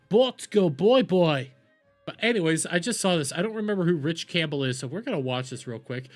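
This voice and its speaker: A man's voice: a little high, a bit bright. A man hosting his live stream in casual chat, rambling with restarts and self-deprecating asides. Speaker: streamer host.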